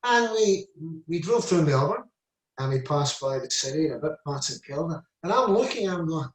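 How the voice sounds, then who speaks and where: A Scottish former footballer in his seventies tells rambling stories in a casual interview, peppering them with "I said" and "you know." His voice sits on the high side and is expressive, moving at a moderate pace. The recording sounds echoey, with the mic placed at a distance.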